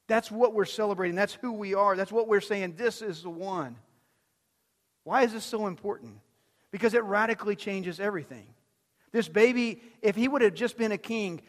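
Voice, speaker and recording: A male pastor preaching a sermon in a conversational, storytelling way, often putting questions to the congregation. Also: high voice. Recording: long hall reverb.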